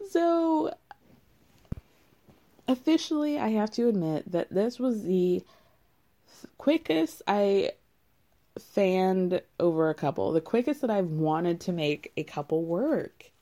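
Mellow-voiced woman chatting casually. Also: mid-range voice, animated, measured pace. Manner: candid, rambling, with frequent "like" and laughs. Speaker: show recap host.

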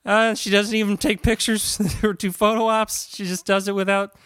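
A man's voice: high voice, level tone, moderate pace, fairly bright tone, smooth, dry recording. A young man co-hosting a casual comedy podcast, making dry, sarcastic wisecracks. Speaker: podcast co-host.

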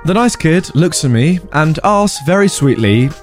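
A man's voice: fairly high pitch, lively intonation, a little slow, soft background music. Chatty man reading stories aloud. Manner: chatty, incredulous. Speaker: story narrator.

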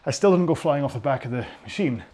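A man's voice: medium pitch, expressive, quick pace, warm tone. A man coaching an indoor rowing workout while rowing, chatty and rambling, often mocking himself.

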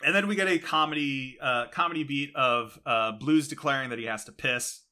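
This podcast host speaks briskly in a mid-range voice that is bright, forceful, clear, and resonant. He's giving a casual show recap, rambling through it with lots of fillers and restarts.

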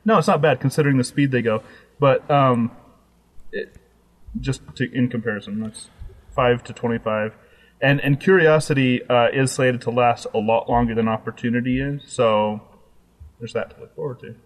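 A man's voice: medium pitch, moderate pace, big-room sound, poor audio. A man co-hosting a casual tech news podcast, laid-back and hesitant, often trailing off. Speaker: podcast co-host.

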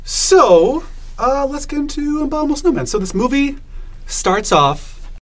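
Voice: sits high, big pitch swings, measured pace, a little hiss or hum. A podcast host in casual chat, laid-back and steering the conversation.

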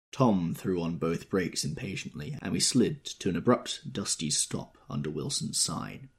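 A man reading an audiobook in scripted narration, expressive and measured. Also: deep voice, gravelly, slightly rough.

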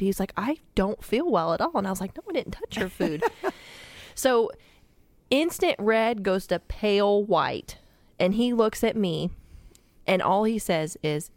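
A woman guest on a podcast tells a story casually and giggles her way through it. Her pitch sits in the middle but swings widely as she talks. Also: darkish tone, no echo. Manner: giggly, often breaking into laughter mid-story.

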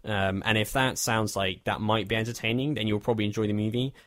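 A man's voice: lowish voice, fairly even intonation, fast talker, a bit bright, no echo, studio quality. A man, casually reviewing a film in a wry, rambling way. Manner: wry, rambling, self-deprecating. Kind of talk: casual chat.

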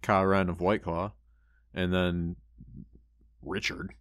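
A man playing a tabletop game, joking and swearing in excitable casual chat. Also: deep voice, slow pace, no room sound, studio quality. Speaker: player.

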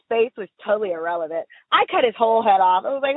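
A woman chatting as an interview guest, an animated storyteller who laughs often, heard over remote call audio. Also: mid-range voice, fast, dry recording, phone-quality sound. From Houston, Texas. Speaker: podcast guest. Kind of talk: casual interview chat.

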